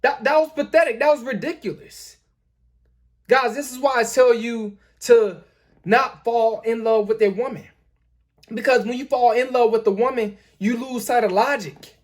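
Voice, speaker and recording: A man's voice: very high-pitched, steady tone, moderate pace. A man hosting a dating-advice talk, lecturing emphatically, repeating his points and addressing his viewers as guys. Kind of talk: lecturing commentary.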